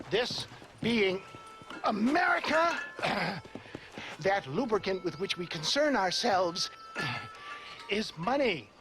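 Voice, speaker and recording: An actor playing a pompous, wordy older snake-oil salesman who talks in florid, theatrical phrases. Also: sits high. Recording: game audio with background noise.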